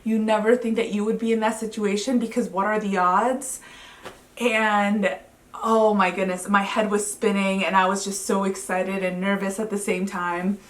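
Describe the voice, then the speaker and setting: A woman in her thirties, a vlogging mother, telling her story in a chatty, excitable way with lots of fillers. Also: medium pitch, normal speed. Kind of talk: casual storytelling to camera. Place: home living room. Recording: roomy echo, mic at a distance.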